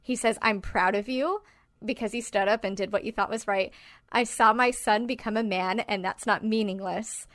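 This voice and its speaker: A woman's voice: medium pitch, steady tone, moderate pace, a bit bright, no echo, studio quality. A woman co-hosting a podcast in casual chat, talking emphatically and swearing often. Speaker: podcast co-host.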